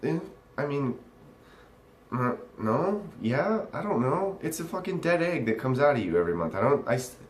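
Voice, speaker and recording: A man's voice: mid-range voice, very animated, normal speed, a little hiss or hum. Young man, sarcastic, profane rant, rambling, echoey room. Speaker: vlogger. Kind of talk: ranting commentary reacting to a text.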